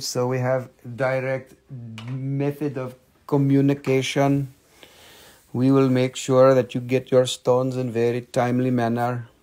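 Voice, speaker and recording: A man's voice: medium pitch, dark tone. A man with a Russian accent hosting a live crystal sales stream, playful and in broken English. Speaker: online crystal seller.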